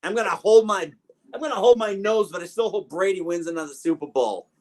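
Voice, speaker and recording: Co-hosting a movie podcast, this man has a high-pitched, darkish voice and talks a little fast. The chat is casual, and he drifts through long, jokey, rambling asides.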